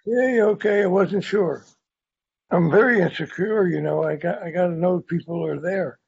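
Older man with a sore tongue, husky. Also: high voice, moderate pace, dull audio. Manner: candid, rambling, self-deprecating storytelling. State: sore tongue, speaking carefully. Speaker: recovery meeting speaker. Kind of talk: personal recovery share.

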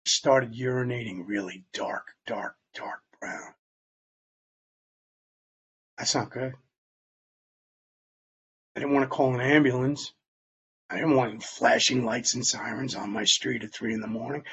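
A man telling a personal story in plain, halting words, sometimes dropping almost to a whisper. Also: mid-range voice, fairly bright tone, breathy edge, muffled recording. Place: Long Island, New York.

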